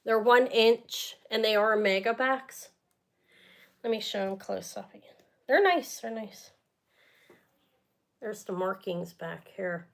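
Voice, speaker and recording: A woman's voice: medium pitch, fairly even intonation, unhurried, gravelly, a bit bright. A woman hosting a live jewelry sale stream, chatting casually and rambling as she talks straight to her viewers.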